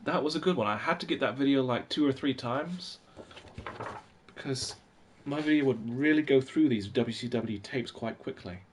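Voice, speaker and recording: A man's voice: mid-range voice, moderate pace, a little hiss or hum. Rambling man chatting on a live stream. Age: 40s. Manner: rambling, reads old magazines aloud and chats to viewers. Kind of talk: casual live-stream chat. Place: at home.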